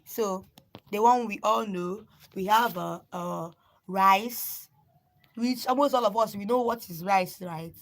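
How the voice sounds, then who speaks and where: A woman's voice: medium pitch, slow pace, rough recording. A young Nigerian woman, a native Igbo speaker, teaching words on a phone live stream, repeating and spelling each word out and urging viewers to write them down. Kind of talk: casual live lesson.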